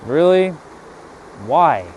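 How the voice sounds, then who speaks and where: Man, slightly high voice, casual spiritual vlog rant, swears freely, faint outdoor noise. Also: very slow. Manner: animated, swears, talks to God in mock dialogue. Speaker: spiritual vlogger.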